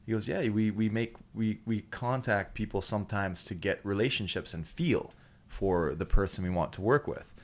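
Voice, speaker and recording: A man, a podcast guest from Canada, telling a rambling, profane story in casual chat and breaking into loud laughing bursts. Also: lowish voice, moderate pace.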